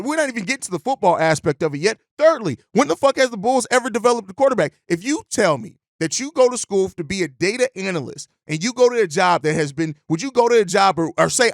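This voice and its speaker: A man's voice: high voice, no echo, studio quality. A man hosting a sports podcast, talking bluntly and profanely in a fired-up casual rant. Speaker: podcast host.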